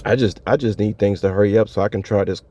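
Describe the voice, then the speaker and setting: A fast-talking vlogger with a fairly low, mellow voice rambles casually to his viewers on his own. The talk is slangy and easygoing, punctuated by frequent laughter, and the recording sounds dull and lo-fi.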